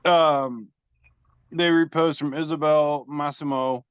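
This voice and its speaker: A man's voice: a little high, steady tone, takes it slowly, clean tone, dry recording. Guy hosting a meme podcast, rambling, swears a lot, dry dull call audio. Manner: rambling, self-deprecating, swears casually. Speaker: podcast host reading memes. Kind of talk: casual chat, describing memes aloud. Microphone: video call.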